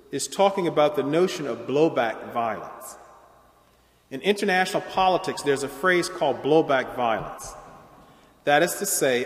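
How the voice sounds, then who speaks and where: A man giving an academic lecture in a measured, explanatory way, with occasional restarts. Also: mid-range voice. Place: large lecture hall. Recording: roomy hall reverb.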